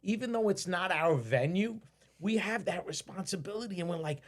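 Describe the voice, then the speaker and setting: A man's voice: sits high, lively intonation, normal speed. A man hosting a casual podcast conversation, talking emphatically and often repeating phrases and restarting his sentences. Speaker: podcast host.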